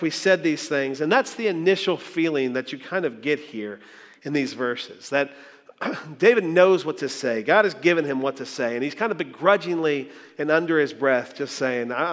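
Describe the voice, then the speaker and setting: A man's voice: fairly high pitch, lively intonation, moderate pace, fairly bright tone. A man preaching a sermon as a pastor, earnest and reflective, telling stories with small restarts. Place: church sanctuary. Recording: long hall reverb.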